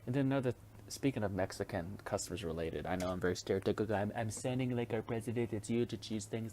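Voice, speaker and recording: A man's voice: fairly low pitch, fast talker, a little mellow, a little hiss or hum. A young man hosting a casual solo podcast, rambling and swearing freely with frequent chuckles. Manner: profane, rambling, chuckles often. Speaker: podcast host.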